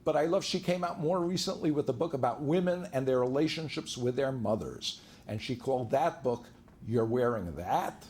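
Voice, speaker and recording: A divorce lawyer with a mid-range, somewhat mellow voice gives a seminar to a live audience at a moderate pace. His delivery is expressive and conversational, packed with anecdotes, and he acts out quoted dialogue. There is slight background noise.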